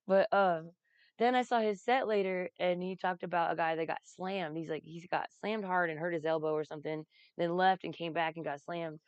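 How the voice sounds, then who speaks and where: Low-voiced woman telling rambling stories. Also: fairly even intonation, moderate pace, clear, resonant tone, no echo, dull audio. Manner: rambling, laughs often, swears freely. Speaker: vlogger recounting a comedy festival. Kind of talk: casual storytelling.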